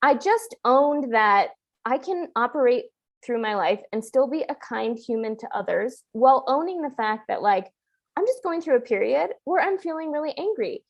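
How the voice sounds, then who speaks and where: A woman's voice: high-pitched, expressive, normal speed, lo-fi sound. Earnest woman podcast host coaching. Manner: earnest, coaching tone with many restarts and fillers. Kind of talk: casual podcast conversation.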